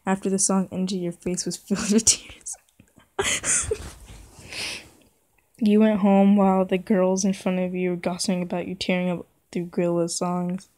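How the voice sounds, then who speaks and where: A woman's voice: on the low side, flat delivery, measured pace, pauses often, dark tone. A young woman reading a joke fan story aloud, giggling often and stumbling over and repeating words. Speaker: channel host.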